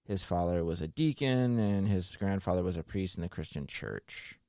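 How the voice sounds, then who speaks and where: Deep voiced guy cohost, dry jokey delivery, laid back. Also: expressive, moderate pace, warm tone, no room sound. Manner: dry, wry joker. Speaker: podcast co-host. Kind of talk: casual chat.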